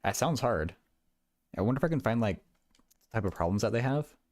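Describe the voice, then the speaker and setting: A man's voice: medium pitch, animated, brisk, darkish tone. A young man livestreaming while he does math homework, chatting casually and often stammering and repeating words.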